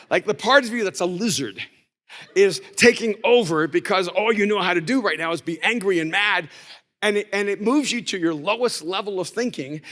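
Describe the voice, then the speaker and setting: High, bright-voiced preacher in a hall. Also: male voice. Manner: storytelling, shifts between soft and shouted. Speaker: pastor. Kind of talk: conference sermon. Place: large hall with long reverb.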